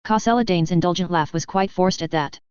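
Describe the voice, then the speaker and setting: Low-voiced woman narrating a story. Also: brisk, a little mellow, clean tone, dry recording. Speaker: audiobook reader. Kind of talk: first-person story narration. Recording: dull lo-fi dry recording.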